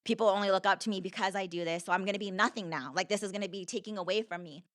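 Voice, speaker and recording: A woman's voice: mid-range voice, racing, fairly bright tone, no echo, studio quality. A young woman, a podcast guest, telling her story in an earnest, conversational way, repeating herself and filling with "like".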